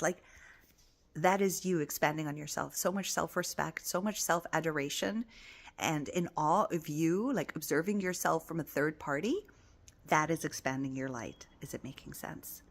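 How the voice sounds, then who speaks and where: A woman giving a casual motivational talk as a spiritual coach, soft and affectionate, repeating encouraging phrases and often dropping to a whisper. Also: deep voice, normal speed, gravelly. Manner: repetitive, encouraging.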